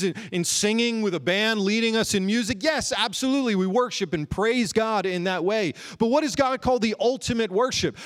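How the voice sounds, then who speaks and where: A man preaching a sermon in an earnest way, slowing down and drawing out key phrases for emphasis. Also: high-pitched. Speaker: pastor.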